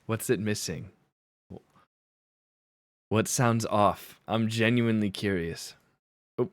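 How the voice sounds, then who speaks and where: Speaking slowly in a lowish voice, a man hosts a livestream and chats casually with his viewers about accents. He laughs a lot and is self-deprecating, and the recording has no echo.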